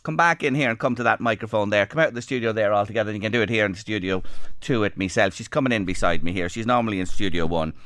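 A man's voice: on the low side, racing, a bit bright, dry recording. A man hosting live radio, teasing and laughing through a play-by-play of a studio challenge. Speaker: radio host.

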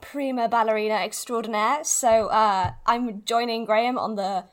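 A woman's voice: a little high, steady tone, moderate pace. A woman guest on a tabletop game podcast, bubbly and giggly in casual chat. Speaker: guest player.

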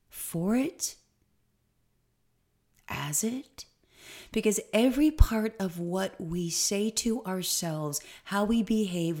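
A woman's voice: mid-range voice, darkish tone. A woman hosting a solo spiritual podcast, talking in a rambling, stream-of-consciousness way with emphatic moments. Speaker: podcast host.

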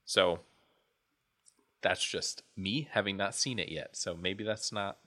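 A man with a low, bright-edged voice talks things through in a loose podcast chat. He wanders through long thoughts, circling back and restarting sentences. His tone stays sharp and forward despite the deep pitch. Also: slow pace. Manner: rambling, restarts thoughts often. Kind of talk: casual chat.

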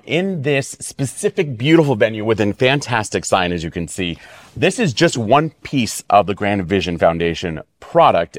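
A man hosting an interview, asking long, rambling questions and praising his guest effusively. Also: mid-range voice. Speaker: podcast host, interviewer. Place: venue hall.

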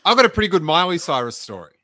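A man's voice: on the high side, big pitch swings, racing, pushed and bright, no room sound. A man, co-hosting a casual podcast chat, joking and often cutting in. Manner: jokey, interrupting, bursts into silly voices. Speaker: podcast co-host.

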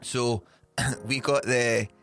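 A Scottish man hosting a podcast, telling an animated anecdote in casual chat and swearing freely. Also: medium pitch, drawn-out words, faint music behind. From Scotland. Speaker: podcast host.

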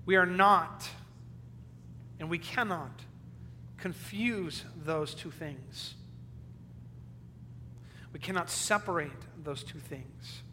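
A male pastor delivers an earnest sermon in a high, bright voice, moving from ringing emphasis to hushed low passages. The recording carries the long reverb of a church hall. A faint electrical hum sits underneath. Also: slow pace, long pauses. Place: church sanctuary.

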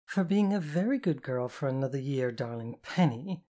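A flamboyant showwoman who plays to a crowd, loud and mock-formal, put on by an audiobook narrator. Her lines are slow, grand and raised in pitch. She sounds theatrical and in command. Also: animated, lightly acted. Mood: mock-solemn. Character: flamboyant, theatrical dominant woman performer. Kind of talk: audiobook character voice.

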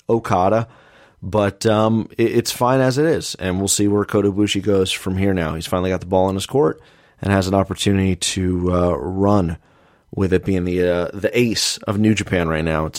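A man's voice: sits low, a little mellow, dry recording, studio quality. A man co-hosting a wrestling podcast, giving strong opinions in a casual chat and firing off exasperated rhetorical questions. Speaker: podcast co-host.

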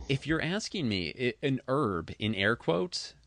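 A man's voice: medium pitch, big pitch swings, a little slow, a bit bright. A man co-hosting a casual podcast, rambling and dry, with lots of ums. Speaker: podcast co-host. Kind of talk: casual chat.

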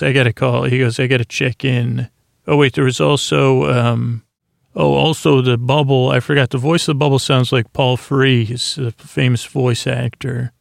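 A man hosting a podcast, softly recapping a TV episode at bedtime in a meandering way that is full of restarts. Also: gravelly, no echo, clean studio sound. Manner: soft, low-key delivery. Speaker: podcast host.

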